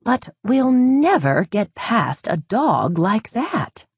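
A woman's voice: medium pitch, big pitch swings, takes it slowly, husky, no room sound, clean studio sound, voice pushed up, full character voice. A woman voicing an anxious, cautious mother hen in a read-aloud storybook. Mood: worried. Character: fussy worried mother hen.

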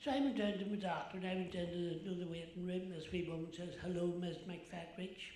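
A man's voice: sits high, steady tone, fast talker, darkish tone. A man playing a chatty, gossipy older Northern Irish woman, rambling through a comic monologue with asides to the audience. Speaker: comic stage performer. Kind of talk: stand-up style comic monologue in character. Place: large theatre stage. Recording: echoey theatre with audience noise.

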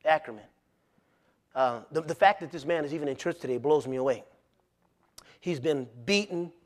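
With a mid-range voice, a male pastor preaches plainly and folksily, telling animated stories and laughing a good deal along the way.

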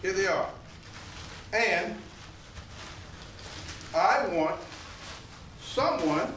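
An older man tells stories to a crowd in an animated way, often laughing and repeating his phrases. His voice sits high for a man. It is picked up from a distance in a roomy museum hall. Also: very slow, a little hiss or hum. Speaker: living history performer and potter. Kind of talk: storytelling to a live audience.

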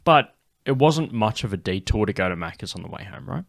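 A man's voice: fairly low pitch, animated, brisk, gravelly, no room sound, studio quality. A young Australian man hosting a comedy podcast, telling a rambling, profane story full of ums and restarts and laughing often. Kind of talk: casual chat, rambling anecdote.

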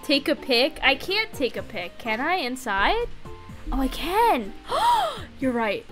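A young woman streaming a farming game, giggling and chatting playfully, putting on quick voices for the characters. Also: high voice, wildly swooping pitch, fairly bright tone. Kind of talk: live gameplay commentary. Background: faint game music.

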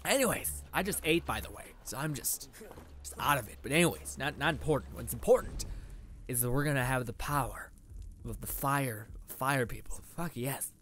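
A young man giving casual, excitable gameplay commentary, swearing a lot and yelling at enemies as he plays. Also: medium pitch, moderate pace. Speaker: let's play gamer.

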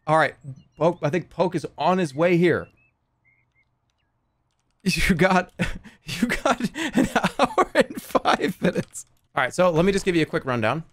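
A man hosting a livestream game contest, chatting casually and jokily with plenty of swearing and laughter. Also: fairly high pitch. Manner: jokey, profane, laughs often.

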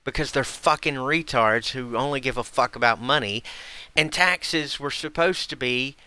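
A man's voice: medium pitch, normal speed, pushed and bright, clean tone, no room sound. Profane man ranting heatedly. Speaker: streamer. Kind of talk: angry ranting while gaming.

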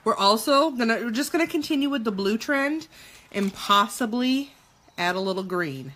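A woman in her thirties chatting through a casual live makeup tutorial, jokey and quick to swear. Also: a little high, animated, a bit bright. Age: 30s.

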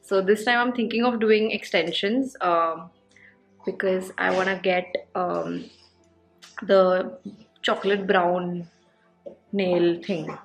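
A woman's voice: fairly low pitch, fairly even intonation, slow pace, pauses often, slightly rough, soft background music. A woman in her twenties with an Indian English accent, chatting casually and rambling in a vlog with lots of fillers. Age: 20s. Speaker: vlogger.

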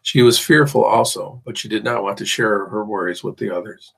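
A man reads a novel aloud in a low, husky voice. His narration stays steady and measured, with an occasional slip and restart. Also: low-quality recording. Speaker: audiobook reader. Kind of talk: audiobook narration.

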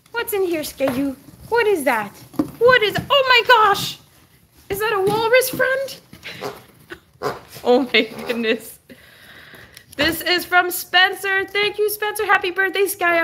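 A young woman chatting on a casual livestream with a bright, forceful tone and a voice that sits a little high. She coos and cheers her dog on and jumps way up in pitch for praise. A faint hiss runs underneath. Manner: cooing and encouraging, swings high when praising. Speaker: dog owner hosting a livestream.

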